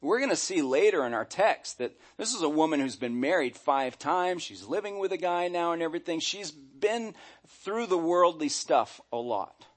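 A middle-aged man delivers a sermon from the pulpit with an animated, storytelling manner, now and then slipping into the voices of the people he quotes. His voice sits a little higher than most men's. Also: moderate pace. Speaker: pastor.

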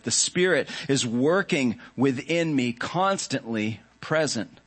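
A man preaching a sermon as a pastor, earnest and reflective, with measured phrasing. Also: mid-range voice, a bit bright.

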